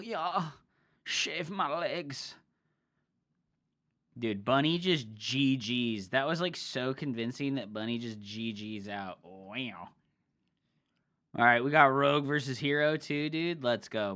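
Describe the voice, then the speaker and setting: A man streaming and co-casting a match in loose, casual commentary, swearing freely and getting excitable. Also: medium pitch, a little slow, clean tone.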